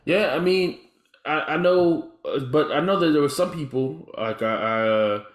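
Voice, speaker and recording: A man's voice: fairly high pitch, normal speed. A man co-hosting a music podcast, speaking hesitantly with many stammered restarts. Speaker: podcast co-host. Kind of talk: casual chat. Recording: echoey room.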